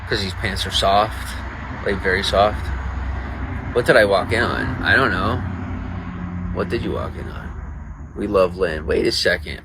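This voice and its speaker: A deep-voiced man talks on a livestream in a crude, profane, fired-up way. There is a faint hum of noise behind him. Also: unhurried, long pauses. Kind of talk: casual livestream chat.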